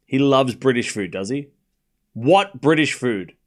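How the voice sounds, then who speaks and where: A man's voice: mid-range voice, lively intonation, unhurried. A young Australian man streaming a tennis watchalong, calling scores and bantering with chat in a joking, sarcastic way. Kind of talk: live watchalong commentary and chat.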